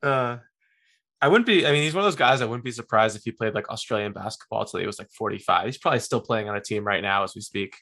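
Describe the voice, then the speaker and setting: A man's voice: lowish voice, fast, vocal fry, bright, forceful tone. A man hosting a podcast, chatting casually and easily about basketball and football picks. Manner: easygoing, chatty fan talk. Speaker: podcast host. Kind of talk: casual sports chat.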